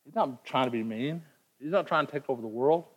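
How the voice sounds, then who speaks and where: A man's voice: medium pitch, brisk. A man preaching a sermon in an earnest, emphatic way, often repeating words as he presses a point. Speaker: pastor.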